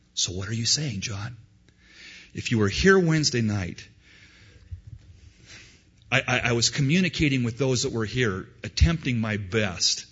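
Animated husky-voiced male preacher. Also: medium pitch. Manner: animated preaching, shifts between loud emphasis and quiet asides. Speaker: pastor. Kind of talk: sermon. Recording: dull lo-fi sound.

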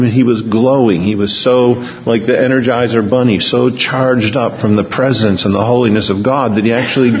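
A man preaching a sermon who acts out the figures of the story in quick voices and often chuckles. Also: mid-range voice. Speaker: pastor. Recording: dull sound in a reverberant hall.

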